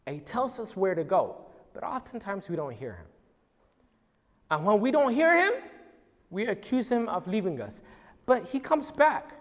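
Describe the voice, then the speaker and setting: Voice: mid-range voice, very animated, moderate pace, long pauses. A speaker giving an earnest, emphatic church history lesson in a church hall. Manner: earnest, emphatic, with some restarts. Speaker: church teacher. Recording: long hall reverb.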